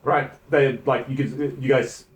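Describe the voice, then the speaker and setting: A man's voice: medium pitch, steady tone, a little slow. South african guy running the game, lots of um and like, mid voice. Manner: casual, filler-heavy, hesitant. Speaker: game master. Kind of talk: narrating a tabletop game.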